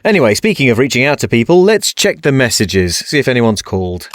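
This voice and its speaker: Wry theatrical comedy host. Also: male voice, medium pitch, sing-song, fairly quick, few pauses. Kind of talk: scripted comedy narration.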